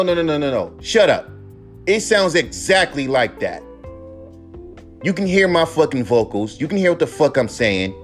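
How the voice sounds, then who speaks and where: A young man, a rapper hosting his own podcast, ranting alone with heavy profanity and mocking imitations of his critics. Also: high voice. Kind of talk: solo podcast rant.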